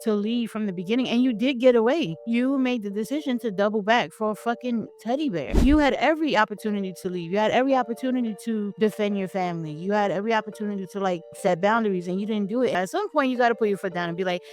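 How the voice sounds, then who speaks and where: A woman's voice: mid-range voice, fast, few pauses, darkish tone. A young woman in casual chat, bluntly exasperated with the characters and swearing freely. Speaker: movie podcast co-host. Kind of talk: casual movie discussion.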